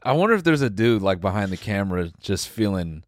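A young man co-hosting a podcast, relaxed in casual chat, mostly chiming in with short reactions. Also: on the low side, a little fast. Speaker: podcast co-host.

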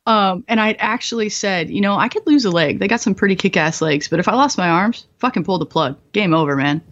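A young woman speaks as a podcast guest, and she tells hard stories with swearing, frequent laughter and self-mockery. Her voice sits at an ordinary pitch for a woman. The recording sounds a little dull. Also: brisk. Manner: profane, laughing and self-mocking. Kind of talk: candid storytelling. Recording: slightly dull podcast audio.

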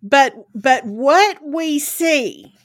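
A woman's voice: high voice, animated, extremely slow, dry recording, studio quality. A woman co-hosting a podcast in casual chat, thoughtful and careful to add disclaimers as she talks. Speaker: podcast co-host.

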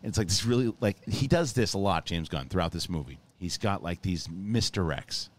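Excitable, rambling low-voiced man. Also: normal speed. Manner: excitable, profane, rambling with many restarts. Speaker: host and film reviewer. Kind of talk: casual film review chat.

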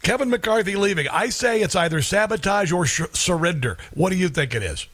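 A male talk radio host with a fairly high voice and a folksy, joking manner. He reads an ad and then interviews a guest with emphasis and humor. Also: animated, fairly quick, fairly bright tone.

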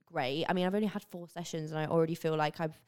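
A young woman from northern England, her accent softened by years living in the south, appears as a guest on a podcast, chatting openly in casual conversation. An online creator, she speaks fast in a low-pitched, clean voice, animated and slipping into silly put-on voices.

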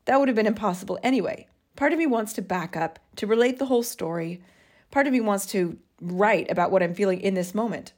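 A woman's voice: medium pitch, a little fast, darkish tone. Woman reading her old journal. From United States. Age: 40s. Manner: earnest, self-mocking, laughs at her younger self. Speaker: podcast host. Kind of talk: reading old journal entries aloud with commentary.

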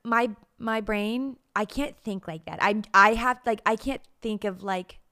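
A young adult woman co-hosts a podcast, chatting casually and telling stories, acting out quoted lines and laughing often. Her mid-range voice is pushed and bright at a measured pace.

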